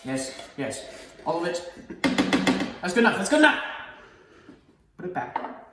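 A man hosting a parody cooking show, bossing his helper around and yelling insults between laughs. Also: sits high, huge pitch swings, measured pace. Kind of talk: comic improvised cooking demo. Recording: roomy echoey room, faint noise.

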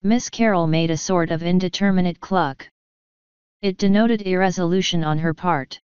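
A woman narrating an audiobook in a calm, even storytelling manner. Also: on the low side, normal speed, clean tone, no echo, muffled recording. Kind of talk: scripted narration.

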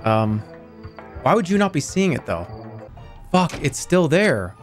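A man in his thirties streaming games live, talking to his chat in an excitable, exasperated way, swearing and breaking into high-pitched outbursts. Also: measured pace, over music. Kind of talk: live game stream commentary.

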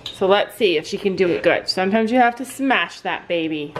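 A woman's voice: mid-range voice, lively intonation, a little fast, a little hiss or hum. A woman chatting casually in a family vlog, talking to viewers and her pet bird. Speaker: family vlogger. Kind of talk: casual vlog chat to camera.

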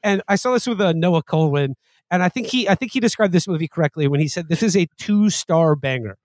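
Male podcast co-host, sardonic and meandering, raised pitch, dry close-mic sound. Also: lively intonation, quick pace, no echo. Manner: rambling, wry, trails off and restarts. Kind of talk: casual comedic chat.

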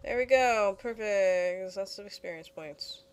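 A woman's voice: medium pitch, unhurried, smooth. A woman giving casual gameplay commentary, blunt and frustrated, swearing freely at the game.

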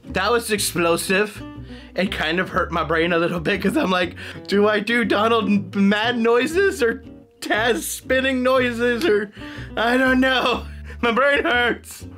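An excitable young man hosting an impressions video, his high, bright voice jumping around a wide range. He talks playfully, with a gravelly edge, and faint guitar music plays behind him. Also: takes it slowly. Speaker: impressionist host. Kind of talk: casual comedic vlog.

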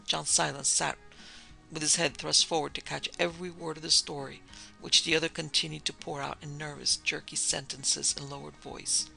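A man giving scripted audiobook narration of a ghost story in an even storytelling delivery. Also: a little high, a little fast, creaky, soft background music, poor audio.

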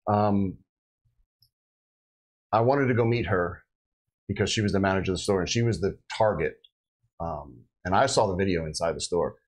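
A middle-aged police officer recounts a shooting in a casual podcast chat, acting out the voices of the people he quotes. His low voice moves at a moderate pace with frequent pauses, and the recording is rough.

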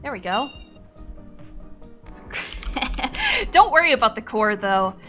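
A woman's voice: fairly high pitch, huge pitch swings, slow, pushed and bright, soft background music. A woman streamer chatting casually on a live stream, playful and profane as she reads out chat and thanks subscribers.

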